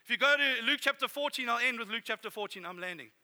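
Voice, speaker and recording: A man preaching with animated, exclaiming energy in a very high, sharply bright voice. His sermon rings out with long reverberation in a hall. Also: quick pace. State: out of breath at times.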